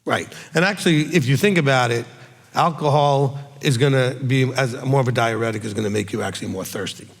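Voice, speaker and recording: Rabbi teaching in an echoing hall. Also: male voice, mid-range voice, fairly quick, vocal fry. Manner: conversational teaching with frequent "okay?" check-ins. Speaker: rabbi leading a Q&A.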